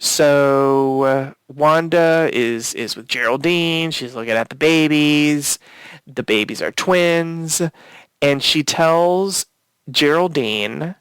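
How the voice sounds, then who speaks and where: A man co-hosting a podcast, recapping a TV episode in casual chat, rambling with fillers and restarts, swearing casually when excited. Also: medium pitch, clean tone, no room sound. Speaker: podcast co-host.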